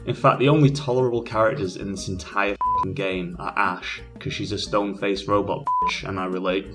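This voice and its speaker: A man giving a crude, sarcastic comedic rant as narration for an animated game review. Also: fairly low pitch, fairly quick, over loud music.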